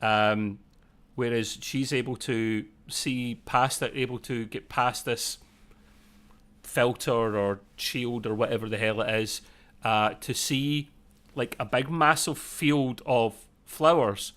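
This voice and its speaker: A man's voice: mid-range voice, fairly even intonation, takes it slowly, a bit bright. A man co-hosting a casual live discussion, rambling and self-correcting with jokey asides. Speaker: podcast co-host.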